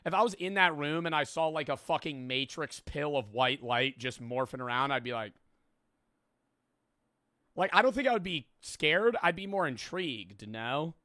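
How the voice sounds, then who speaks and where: A man streaming casual reaction chat, excitable and swearing often. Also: fairly high pitch, normal speed, no echo, clean studio sound.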